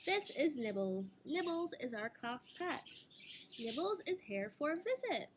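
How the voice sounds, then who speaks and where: A woman reading aloud as a cheerful little girl from a picture book, sing-song and lifted a touch. The lines are spoken slowly and clearly for small children. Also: high voice, big pitch swings, background noise. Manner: bright, sing-song storybook dialogue. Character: cheerful young girl owner of the puppy.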